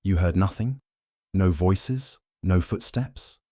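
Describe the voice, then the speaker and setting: A man voicing a gentle, precise detective. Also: deep voice, slow, no echo, studio quality. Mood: probing. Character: brilliant fastidious older male detective.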